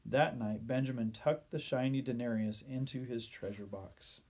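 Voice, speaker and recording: A man reads a children's story aloud in gentle, steady storybook narration. His voice is slightly husky and breathy, middling in pitch, and he keeps a moderate pace.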